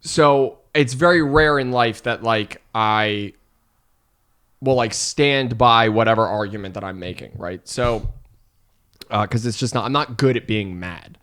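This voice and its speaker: A man's voice: mid-range voice, a little slow, a bit bright, clear, resonant tone. A man in his thirties, a comedian guest, telling a story in casual chat, rambling and self-deprecating, filling his talk with "like". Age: 30s.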